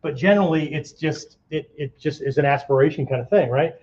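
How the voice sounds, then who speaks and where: A man teaching a martial arts whiteboard lesson, demonstrating shouts and vocal sounds and checking in with "right?" after nearly every phrase. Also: fairly high pitch, brisk, highs cut off.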